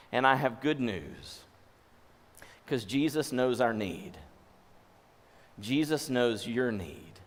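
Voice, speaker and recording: A male pastor giving a sermon, going from hushed, gentle lines to forceful ones as he voices scripture. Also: medium pitch, big pitch swings, extremely slow, pauses often. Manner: shifts between soft hushed tones and forceful lines when voicing scripture. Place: church sanctuary. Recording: long hall reverb.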